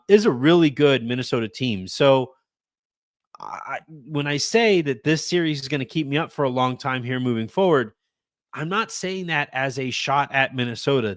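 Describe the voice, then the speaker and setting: A man hosts a sports podcast in a lively, casual way, often stumbling over and repeating words as he thinks aloud. His voice sits at an everyday middle pitch. The recording is dry and close, with no room sound. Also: no echo. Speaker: podcast host.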